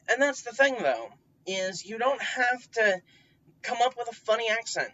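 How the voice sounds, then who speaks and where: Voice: mid-range voice, expressive, moderate pace, pushed and bright. A tabletop player rambles through advice in a loose, chatty monologue, starting over mid-thought and leaning on fillers, with a curse word now and then. The voice sits back from the mic. The recording is muffled and a little lo-fi. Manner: rambling, many fillers and restarts, occasional swearing. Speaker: tabletop game player giving tips. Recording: dull distant recording.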